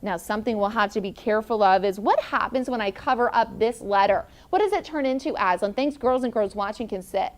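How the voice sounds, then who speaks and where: A woman teacher in a classroom, leading a phonics drill and chanting sounds and letters slowly and deliberately, calling on pupils with encouragement. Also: medium pitch.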